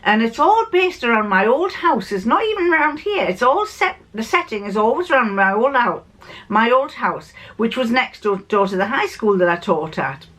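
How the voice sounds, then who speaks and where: A woman's voice: on the high side, very animated, normal speed, a bit bright, low-quality recording. Older woman, vlogger, rambling storyteller, chatty and unscripted. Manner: rambling and anecdotal, with frequent restarts. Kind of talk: chatty vlog monologue.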